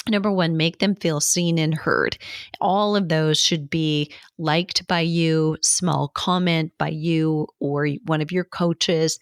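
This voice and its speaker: A woman's voice: on the low side, dry recording, studio quality. A middle-aged woman teaching a health coaching lesson, acting out quotes from clients and coaches and laughing often.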